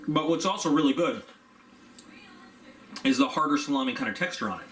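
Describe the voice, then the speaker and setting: A man's voice: on the high side, lively intonation, brisk, pauses often, fairly bright tone. A man giving a casual unboxing review, chatty and rambling with fillers, sometimes talking while he chews. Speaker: product reviewer. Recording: echoey room, faint background hum.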